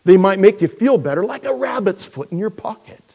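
Man teaching scripture, chatty and animated. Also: high-pitched, fairly quick, breathy edge. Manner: conversational, animated, with self-deprecating asides. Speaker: pastor. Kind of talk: verse-by-verse Bible teaching.

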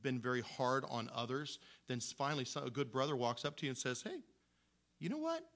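A man's voice: mid-range voice, level tone, fast, fairly bright tone. A man preaching a sermon in a conversational, storytelling way, with frequent restarts. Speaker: pastor.

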